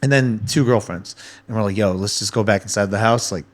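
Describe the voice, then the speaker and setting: A man telling stories in a casual podcast chat, animated and swearing freely as he acts out what people said. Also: fairly low pitch, fairly quick. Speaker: podcast guest.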